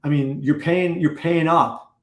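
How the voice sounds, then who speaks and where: A man hosting a fantasy football talk, asking pointed questions in a quick, wry way. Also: fairly high pitch, fairly even intonation. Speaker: fantasy football podcast host. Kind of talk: casual analytical chat. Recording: echoey room.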